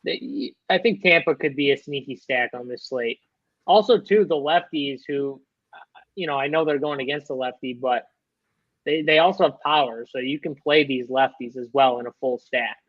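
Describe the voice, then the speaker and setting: A man's voice: medium pitch, moderate pace, no echo, muffled recording. A man giving baseball stacking advice on a live show, laid-back and rambling. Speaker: sports betting analyst. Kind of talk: casual analytical chat.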